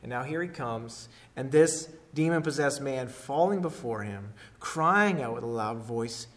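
A man preaching a sermon, moving between hushed, intimate lines and loud, forceful declarations. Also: medium pitch, expressive, unhurried. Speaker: pastor.

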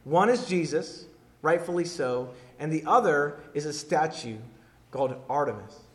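Emphatic higher-voiced male preacher. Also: expressive, normal speed. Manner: emphatic, repeats key phrases. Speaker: pastor. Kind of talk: sermon.

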